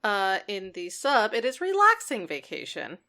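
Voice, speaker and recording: A woman co-hosting a podcast, chiming in with wry, quick remarks during an episode recap. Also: mid-range voice, wildly swooping pitch, sharp tone. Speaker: podcast co-host. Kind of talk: casual episode recap chat.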